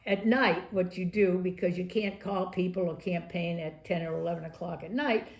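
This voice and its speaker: An older woman from Maryland, a former political candidate being interviewed, telling anecdotes in a lively storytelling way and acting out the quotes. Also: fairly low pitch, moderate pace, vocal fry, a little hiss or hum. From Maryland, USA. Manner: lively raconteur, acts out quotes, laughs often. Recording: echoey room.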